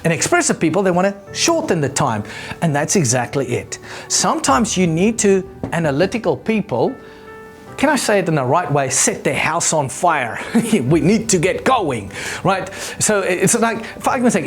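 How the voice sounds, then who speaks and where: A man teaching a sales lesson, animated, acting out the people he quotes and repeating words as he thinks aloud. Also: fairly high pitch. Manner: animated, acts out quoted people in raised voices. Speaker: sales trainer. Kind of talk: presenting a lesson.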